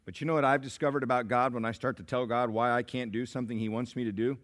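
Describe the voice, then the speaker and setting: A man preaching a sermon as pastor, swinging between shouted climaxes and hushed, slow asides. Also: medium pitch, steady tone. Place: church sanctuary.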